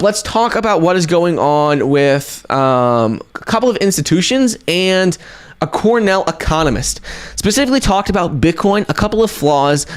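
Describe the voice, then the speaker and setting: A man hosting a crypto news vlog, talking in an energetic, casual way with fillers and restarts. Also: on the high side. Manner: energetic, talks in quick runs with fillers and restarts. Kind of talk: casual news commentary to camera.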